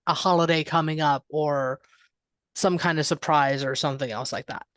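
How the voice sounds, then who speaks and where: A woman co-hosting a podcast, calm and reflective, explaining her thoughts in casual chat. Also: deep voice, moderate pace, no echo, studio quality. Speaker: podcast co-host.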